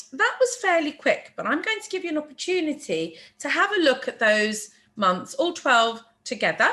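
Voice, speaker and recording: Woman, language teacher, bright tone, unhurried careful delivery, leads repeat-after-me drills. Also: on the high side. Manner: slow, careful teacher modelling words for repetition. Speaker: French teacher. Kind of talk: online language lesson. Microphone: screen-share narration.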